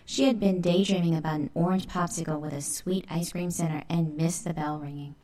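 A woman's voice: fairly low pitch, fairly even intonation, a little fast, mellow. Woman narrating a children's story.

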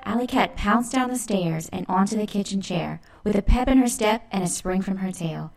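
A woman narrating a children's storybook in a lively, expressive way. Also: mid-range voice, normal speed, gravelly, faint music behind.

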